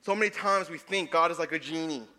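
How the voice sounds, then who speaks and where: A young adult man, a pastor preaching a sermon, swinging between loud emphatic passages and soft hushed ones. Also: fairly high pitch, quick pace, in a large hall.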